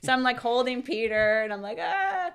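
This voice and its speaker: A woman in her thirties, a podcast co-host, telling a personal story in casual chat, emotional and lively, quoting her own thoughts aloud. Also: fairly high pitch, a little fast.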